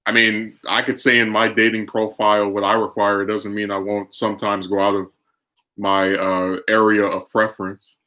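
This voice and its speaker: A man's voice: on the low side, level tone, moderate pace, sharp tone. Opinionated man chatting on stream. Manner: opinionated, argumentative. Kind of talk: casual chat reacting to live chat.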